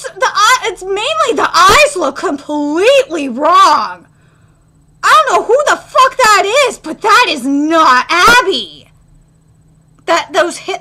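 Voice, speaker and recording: A young woman reacting live to an anime episode, excitable and swearing freely, jumping from loud squeals to low grumbles.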